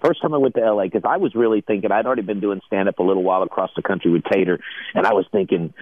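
Texan Mexican-American comic on a call-in. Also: male voice, lowish voice, rapid-fire, dry recording. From Texas. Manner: rambling, repeats words, laughs often. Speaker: comedian calling in. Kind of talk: casual storytelling on a phone-in. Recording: muffled dry call-in audio.

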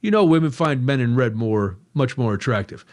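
A man's voice: mid-range voice, expressive, a little fast, a little mellow. A man hosting a night radio talk show, chatty and joking as he reads out listener texts. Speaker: radio host. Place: radio studio.

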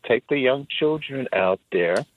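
A man calling in to a radio show, reminiscing in a halting way with many restarts. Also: medium pitch, lively intonation, no echo. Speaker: caller. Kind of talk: phone-in reminiscing. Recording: tinny phone line.

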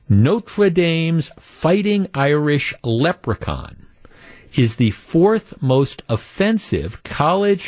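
A man's voice: mid-range voice, darkish tone, dry recording. A man hosting a talk radio show, reading out listener texts with wry disbelief. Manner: wry, incredulous. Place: radio studio. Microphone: studio microphone.

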